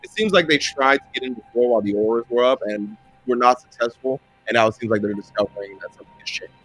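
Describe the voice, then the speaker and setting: A man's voice: medium pitch, quick pace, fairly bright tone, breathy edge, soft background music. A man narrating a tabletop game as dungeon master, rambling and hesitant with lots of fillers.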